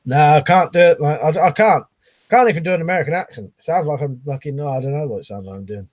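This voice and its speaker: A man's voice: on the high side, expressive, quick pace, dull audio. A middle-aged man chatting casually on a live stream, reading out viewer comments and rambling, swearing freely.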